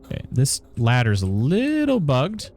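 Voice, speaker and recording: A man's voice: mid-range voice, huge pitch swings, a little slow, a little mellow, slight background noise. A man live-streaming a video game, chatting casually with his viewers and chuckling often. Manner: chatty, reads chat aloud, frequent chuckles. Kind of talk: casual live-stream chat while gaming.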